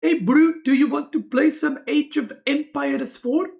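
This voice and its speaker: A man putting on a laid-back South African man who invites a mate out, with a loud, bouncy delivery. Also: very high-pitched, unhurried, gravelly, voice pushed up, exaggerated voice. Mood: jokey.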